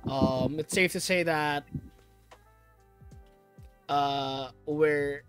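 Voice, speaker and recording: A man's voice: fairly high pitch, steady tone, drawn-out words, soft background music. A young man from the Philippines hosting a casual podcast, rambling and laid-back, swearing offhandedly. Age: young adult. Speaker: podcast host. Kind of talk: casual chat.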